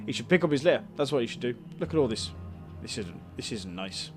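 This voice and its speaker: Male let's-play host, casual and jokey, animated pitch, soft music underneath. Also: quick pace. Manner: chatty, joking asides, reads game text aloud. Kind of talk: casual game commentary and narration.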